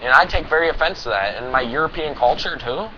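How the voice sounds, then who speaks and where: A man's voice: fairly high pitch, animated, fast, sharp tone. A teenage boy ranting to camera, profane and rambling, with heavy emphasis. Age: teens. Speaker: vlogger. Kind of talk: anti-bullying rant to camera. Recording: dull lo-fi recording with clear noise.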